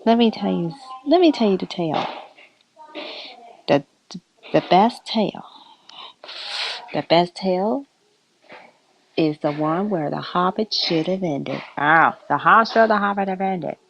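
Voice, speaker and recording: Giggly woman hosting a chat, slow and super animated, dull lo-fi dry sound. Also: fairly low pitch, gravelly, slight background noise. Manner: giggly, playful storytelling. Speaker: host. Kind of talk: casual chat, retelling a fan story. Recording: dull lo-fi recording.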